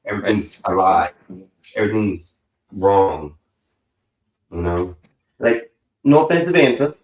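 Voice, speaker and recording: A man with a fairly low voice talks through a stream in loose, rambling chat. He is slangy and profane and keeps calling people bro. The sound bounces around a roomy, echoey space. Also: expressive, unhurried. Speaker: streamer host. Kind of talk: casual chat.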